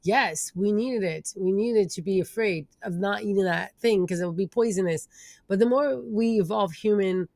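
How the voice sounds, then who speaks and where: A woman guest on a podcast who speaks with an accent, expressive and lively, acting out the voices in her head. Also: mid-range voice, normal speed, creaky, dry recording. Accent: non-native accent. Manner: expressive, acts out inner voices. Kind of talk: casual podcast conversation.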